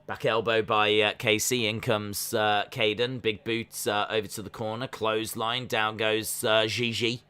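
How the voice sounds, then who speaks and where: Bright-voiced man calling wrestling live. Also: a little slow, hardly any pauses, clear, resonant tone. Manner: calls the action and answers chat questions between moves; breaks into high-pitched disbelief when excited. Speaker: live stream reaction host. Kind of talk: casual watch-along commentary.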